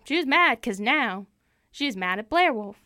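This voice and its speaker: Proud lone cowboy rancher, played by a woman, folksy and repetitive, higher voice, smooth tone, dry sound. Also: lively intonation, unhurried, bright, forceful tone, no room sound. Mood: indignant folksy. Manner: folksy, repeats phrases for emphasis. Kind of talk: improvised comic storytelling.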